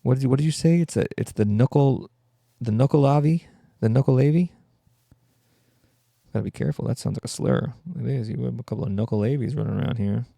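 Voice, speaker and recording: A man's voice: medium pitch, fast talker, creaky, warm tone, dry recording, studio quality. A man hosting a podcast, riffing through a rambling, profane comedic monologue and interrupting himself constantly. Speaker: podcast host.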